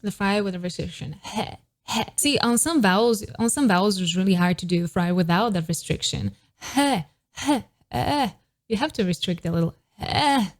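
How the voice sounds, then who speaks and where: A woman's voice: fairly low pitch, quick pace, few pauses. Woman vocal coach breaking down a singer. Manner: analytical, admiring, technical vocal terms. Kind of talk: song reaction commentary.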